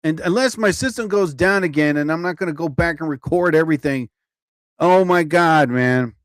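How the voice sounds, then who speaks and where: A man chats on his own livestream from home, rambling from one thought to the next and laughing at his own asides. His voice sits a little higher than most men's, and the sound is close and dry. He sounds a bit tired and yawns now and then. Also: normal speed, dry recording. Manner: chatty, self-interrupting, swears mildly, laughs at himself. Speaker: comedian livestreaming. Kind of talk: rambling casual livestream chat. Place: at home, TV on overhead. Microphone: phone or computer mic, livestream.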